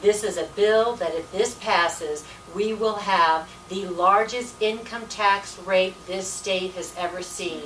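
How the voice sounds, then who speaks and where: A woman's voice: mid-range voice, takes it slowly, hardly any pauses, a bit bright. Woman volunteer giving a punchy, folksy talk to a meeting, recorded from a distance in a roomy space. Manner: emphatic, folksy, repetitive "let me tell you". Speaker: volunteer speaker at a political meeting. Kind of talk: informal political presentation. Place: meeting room. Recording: echoey room, distant mic, faint hiss.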